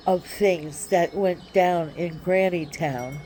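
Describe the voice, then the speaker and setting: A woman vlogging casually from her backyard on her phone, talking in an excitable, drawling way with sudden swings of emphasis. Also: on the low side, slow, a little hiss or hum. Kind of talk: rambling casual monologue. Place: backyard by a wooded area, outdoors.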